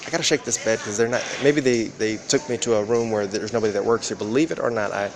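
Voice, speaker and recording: Fast-talking profane man rambling over noise. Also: creaky. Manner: profane, rambling, acts out quoted exchanges with pitch jumps. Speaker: vlogger. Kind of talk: rambling monologue to camera. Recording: loud background ambience.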